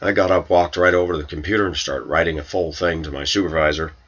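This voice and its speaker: Over lo-fi sound and a noisy background, a low-voiced man talks fast with fairly even intonation. He is vlogging an aggrieved story about a coworker to camera, indignantly quoting her and himself in a raised voice.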